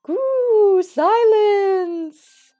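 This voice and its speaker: Shrill pompous pigeon god. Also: female voice, drawn-out words, muffled recording, exaggerated voice. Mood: bombastic. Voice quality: shrill cooing squawks. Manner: bombastic, shouting proclamations.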